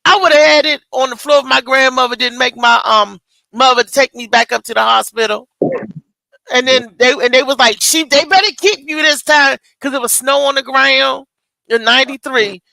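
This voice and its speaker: A woman in her thirties who tells stories in an animated way as a talk show host. Her voice is high, bright and gravelly, with plenty of fry. She sits close in a dry, dead room. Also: moderate pace, no room sound, poor audio. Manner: animated storyteller, acts out quoted voices loudly. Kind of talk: casual chat.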